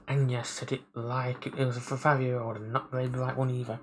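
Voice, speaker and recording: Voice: medium pitch, little pitch movement, brisk, hardly any pauses, a little hiss or hum, low-quality recording. A streamer on a live game play-through, reading the story text aloud and stopping to comment, often stumbling over and restarting words.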